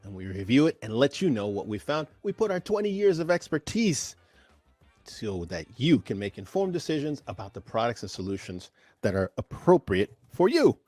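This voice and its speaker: Male podcast host, upbeat introducer, mid pitch, dry close mic. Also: normal speed, no room sound, faint music behind. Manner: energetic, hype introductions with laughter. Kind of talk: upbeat show hosting.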